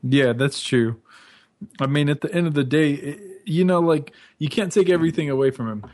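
A man's voice: fairly high pitch, a little mellow. A man co-hosting a sports radio show in casual chat, hesitant and full of fillers as he weighs his views. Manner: hesitant, filler-heavy, measured opinions. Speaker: radio co-host.

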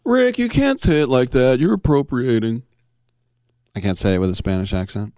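A man's voice: medium pitch, lively intonation, moderate pace, darkish tone, no room sound, studio quality. A man hosting a sports talk radio show, chatting casually in a rambling, jokey way. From Bay Area. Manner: rambling, jokey, self-mocking.

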